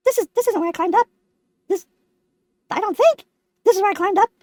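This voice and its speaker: A woman's voice: extremely high pitch, brisk, no echo. A woman voicing a brash, foul-mouthed lemon puppet host, telling a boastful comic story.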